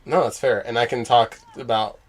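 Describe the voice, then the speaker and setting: A man's voice: mid-range voice, steady tone, normal speed, husky. A young man guesting on a podcast, joking and teasing in casual chat.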